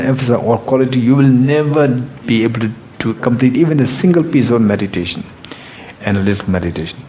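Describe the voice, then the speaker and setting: A man's voice: mid-range voice, mellow, a little hiss or hum, rough recording. A man teaching meditation practice to a class, earnest and repeating his key points in plain, slightly non-native phrasing. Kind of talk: dharma teaching.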